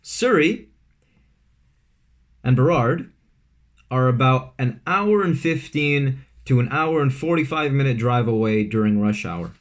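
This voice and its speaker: A man's voice: mid-range voice, animated, a little slow, pauses often. Laid-back young man telling a story. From Vancouver, Canada. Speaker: vlogger. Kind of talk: casual storytime. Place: his room at home.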